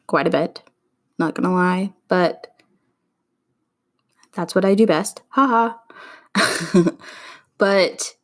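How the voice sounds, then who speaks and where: A woman in her twenties hosting a casual solo podcast, chatting and ranting straight to her listeners. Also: lowish voice. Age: 20s. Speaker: podcast host.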